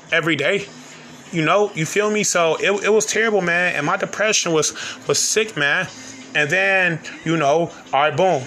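A man's voice: fairly high pitch, sharp tone, slight background noise. A young man hosting a podcast, telling a personal story in an earnest, confiding way and often addressing listeners directly. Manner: earnest, confiding, peppers talk with "man" and "y'all". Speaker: podcast host.

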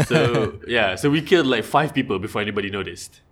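A man's voice: fairly low pitch, fairly quick, a little hiss or hum. A man tells stories in a loose, chatty way. He laughs a lot as he talks and slips into the voices of the people he is quoting. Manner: laughs often, animated retelling with quoted voices. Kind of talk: casual storytelling chat.

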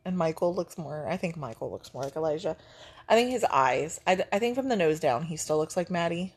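A woman's voice: lowish voice, lively intonation, a little fast, slightly rough. A middle-aged woman chatting casually, a gushing grandmother with lots of fillers. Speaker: vlog co-host, grandmother. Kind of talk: casual breakfast chat.

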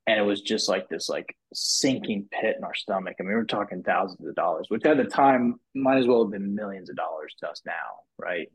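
Husky-voiced man telling a story. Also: a little fast, hardly any pauses. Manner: animated storyteller, many restarts and "you know"s, rises high acting out quotes. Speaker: podcast guest, business owner. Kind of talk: casual storytelling interview. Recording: muffled lo-fi podcast audio.

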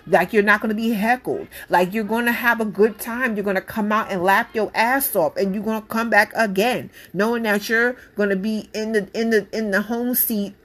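A woman's voice: medium pitch, steady tone, moderate pace, few pauses. A woman, a mother, giving her opinion in a casual monologue, emphatic and blunt, repeating her points with passion. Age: adult parent.

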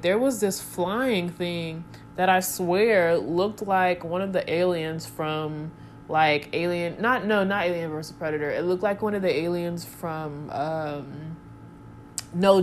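A woman's voice: lowish voice, measured pace, slight background noise. A young woman chatting casually to her viewers, rambling with goofy asides. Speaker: vlogger. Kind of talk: casual chat to camera.

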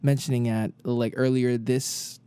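A man's voice: medium pitch, flat delivery, unhurried, dark tone, clean tone, no echo. A man co-hosting a podcast in casual banter, rambling through fillers and playful asides. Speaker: podcast co-host.

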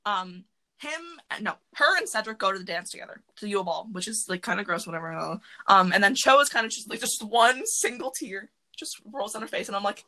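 A woman hosting a podcast from her closet, chatting casually and rambling excitedly with lots of fillers. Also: mid-range voice, fairly quick, rough recording. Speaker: podcast host. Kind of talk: casual chat.

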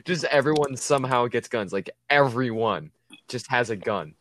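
A man's voice: medium pitch, expressive, moderate pace, background noise. A young man chatting casually in a laid-back way, chiming in with jokes. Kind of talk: casual chat.

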